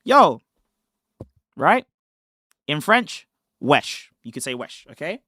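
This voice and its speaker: Animated high-voiced streamer. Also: male voice, slow, no room sound, clean studio sound. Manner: animated, emphatic, joking with chat. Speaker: streamer reacting to a debate clip. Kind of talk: casual live-stream commentary.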